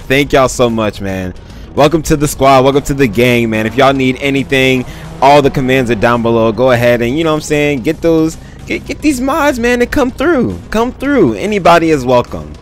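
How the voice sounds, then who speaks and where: A man's voice: mid-range voice, expressive, moderate pace, soft background music. A man live-streaming a driving game, chatting in a hyped, slangy way and thanking viewers often. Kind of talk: casual live-stream commentary.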